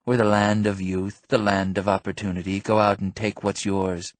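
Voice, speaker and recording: A man's voice: on the low side, flat delivery, normal speed, no room sound, lightly acted. A man voicing a tall, thin, bitter grieving father in an audiobook, sneering and cutting. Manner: sneering, bitter, breaks into sobbing rage. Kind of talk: audiobook character voice.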